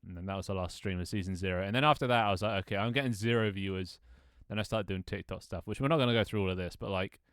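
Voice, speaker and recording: A man in his twenties talks through his stream in a loose, rambling way, laughing at himself and swearing now and then. His voice sits very low. The sound is dry and close, captured on a desk microphone. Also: very fast, hardly any pauses, fairly bright tone, clear, resonant tone, no echo. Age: 20s. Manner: rambling, self-mocking, laughs often, swears casually. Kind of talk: casual live-stream chat.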